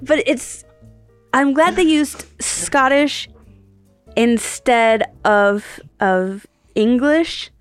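A woman co-hosting a podcast in casual chat, thinking aloud in a halting way and often rephrasing herself. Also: sits high, smooth, soft background music. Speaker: podcast co-host.

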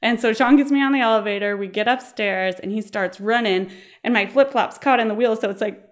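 A woman in her thirties tells a personal story in a relaxed, chatty way. Her delivery is lively, with laughter breaking in and quick impressions of other people's lines. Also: a little high. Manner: animated, laughing, acts out voices of others. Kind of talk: personal birth story, casual telling.

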